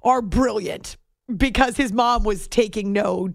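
A woman's voice: mid-range voice, a little slow, creaky, no echo, clean studio sound. A woman hosting a morning radio show, chatting casually and self-deprecatingly, laughing often.

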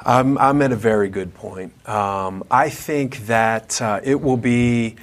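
A man answering interview questions haltingly, with many pauses and restarts. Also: mid-range voice. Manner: halting, full of fillers and restarts. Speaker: actor being interviewed.

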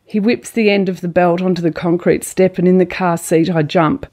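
A middle-aged woman reads her own memoir aloud. Her voice sits low and mellow, and she tells the story in a measured, intimate way. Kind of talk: spoken memoir reading.

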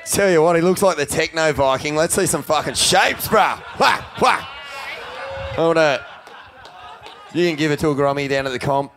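A man hosting a live panel, crude and jokey, swearing and shouting praise at the crowd. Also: a little high, fairly quick. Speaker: host. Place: live panel at a bowling club in front of an audience. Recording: noisy live club recording.

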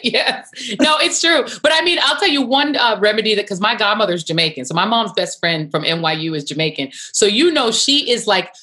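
An animated woman talks shop as a news journalist in a relaxed interview, her voice bright and clear. Her pitch swings widely as she gets emphatic, and she breaks into laughter often. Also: a little fast. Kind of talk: casual conversational interview.

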